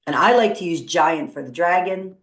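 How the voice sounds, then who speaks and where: A woman's voice: lowish voice, animated, normal speed. A woman teacher walking students through a coding tutorial on screen, upbeat and encouraging as she thinks aloud. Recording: roomy echo.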